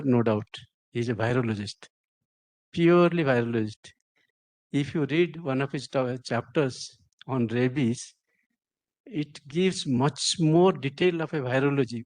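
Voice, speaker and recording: A man's voice: medium pitch, a little mellow, no room sound. Older indian guy giving an emotional ceremony speech, stops and restarts a lot, dry sound. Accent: Indian English. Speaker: senior professor giving a speech.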